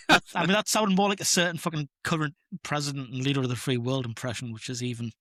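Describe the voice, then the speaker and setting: Bright-voiced man, chatty. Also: mid-range voice, steady tone, fast, dry recording, clean studio sound. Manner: chatty, rambling, laughs at own jokes. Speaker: podcast co-host. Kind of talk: casual film discussion.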